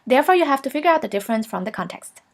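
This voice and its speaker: A woman teaching a beginner German lesson, patiently saying each phrase twice in a clear, steady way. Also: sits high, very fast. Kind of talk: slow instructional lesson, repeating each word.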